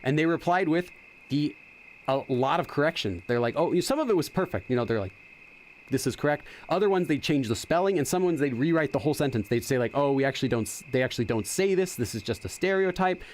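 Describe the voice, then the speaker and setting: A man's voice: medium pitch, expressive, fast talker, slight background noise. A middle-aged man hosting a casual game playthrough, chatty and explaining as he goes. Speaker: gaming channel host. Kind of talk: casual let's-play commentary.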